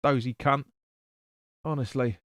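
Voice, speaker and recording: A man's voice: medium pitch, fairly even intonation, measured pace, fairly bright tone, dry recording, studio quality. A man hosting a live football watch-along, chatting casually, swearing and stumbling over player names. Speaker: fan stream host.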